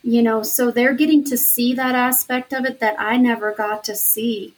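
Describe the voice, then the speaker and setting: A woman's voice: fairly high pitch, steady tone, moderate pace. Earnest woman sharing her testimony. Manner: earnest, faith-filled, emotional at times. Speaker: interview guest. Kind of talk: personal testimony interview.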